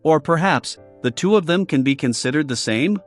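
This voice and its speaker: A man reading a calm, wry young man. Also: a little high, moderate pace, soft background music, natural voice.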